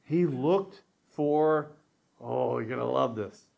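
A man preaching a sermon, telling a story in an animated way, often restarting and repeating words. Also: medium pitch, slow pace, vocal fry, dull audio.

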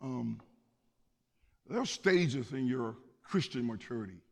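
A man's voice: mid-range voice, expressive, unhurried, vocal fry. A man preaching a sermon as pastor, speaking with passion and building to emphatic peaks. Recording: long hall reverb.

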